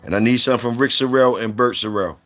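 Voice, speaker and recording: Man, casual livestream host, middle pitch, repetitive drawl, faint music behind. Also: fast talker, fairly bright tone. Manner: loose, drawling, repeats himself, salutes viewers. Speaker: livestream host reading viewer comments.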